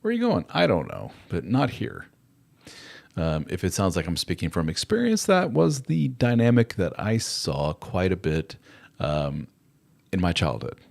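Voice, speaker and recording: A man's voice: deep voice, gravelly, a little mellow. A middle-aged man hosting a live chat, talking in a rambling, conversational way and acting out little quotes in other voices. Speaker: host. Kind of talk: live chat advice talk.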